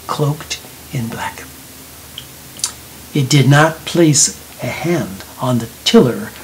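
In a low-quality recording with a faint steady hiss beneath it, a man narrates a storybook. His reading voice is slow and gentle, often sinking to a near whisper in quiet moments.

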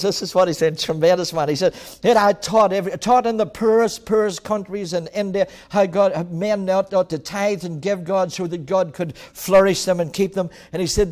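Man, pastor preaching, lively storyteller, raised pitch. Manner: storytelling preacher with dramatic swings in loudness, laughs often. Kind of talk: sermon.

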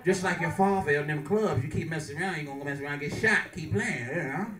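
A male comedian on stage voicing his scolding, profane middle-aged mother, with a lower, heavier delivery than his own voice. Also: quick pace, lightly acted. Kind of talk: stand-up impression. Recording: echoey club, mic far, audience loud.

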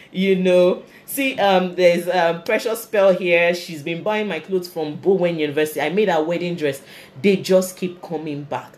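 A Nigerian woman in her thirties who runs a fashion business speaks in a lowish voice at a moderate pace. On a live stream she answers viewer comments with earnest, motivational talk, repeating her key phrases.

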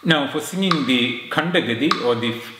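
A man teaching rhythm, explaining calmly and chanting rhythm syllables in time. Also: medium pitch, moderate pace, very noisy. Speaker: music teacher. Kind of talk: rhythm lesson with spoken syllables. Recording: echoey room with clicking metronome.

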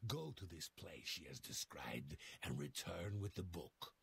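An actor playing a stern older male guild master in a fantasy game, commanding and secretive, with a gravelly voice. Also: sits low, animated, unhurried, a bit bright, heavily acted.

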